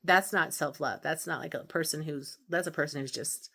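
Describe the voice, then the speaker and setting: A woman speaks in a slightly low register as she hosts a self-help video. She talks to camera in a casual, earnest way. She explains patiently, often restarting a phrase or adding an aside. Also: normal speed, gravelly, pushed and bright, slightly rough. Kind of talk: casual advice talk to camera.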